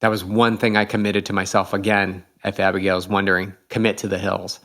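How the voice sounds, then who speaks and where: A man's voice: sits low, level tone, a little fast, fairly bright tone. A middle-aged man, a podcast host, telling a race story in casual chat, eager and reflective, with many fillers.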